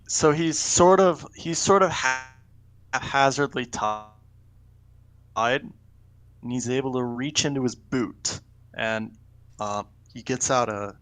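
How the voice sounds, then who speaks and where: Male game master, casual narration with fillers, crisp bright tone. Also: medium pitch. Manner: relaxed, many fillers.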